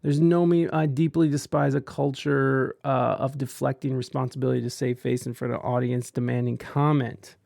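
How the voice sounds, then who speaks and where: A man's voice: mid-range voice, little pitch movement, moderate pace, creaky, hardly any pauses, darkish tone, dry recording, studio quality. A man hosting a podcast, rambling through casual commentary with stumbling restarts and crude jokes. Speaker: podcast host reading chat.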